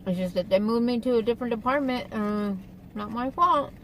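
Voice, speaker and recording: A woman's voice: a little high, fairly quick, a bit bright, a little hiss or hum, rough recording. A woman chatting casually in her car on an eating-show vlog, rambling along with fillers and asides. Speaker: vlogger. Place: inside a parked car.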